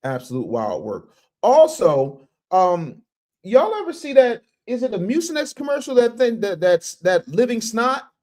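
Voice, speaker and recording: A man's voice: sits high, very animated, a little slow, darkish tone. A man hosting a live reaction stream, mocking and roasting clips and reading viewer messages in a rowdy casual way. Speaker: livestream host.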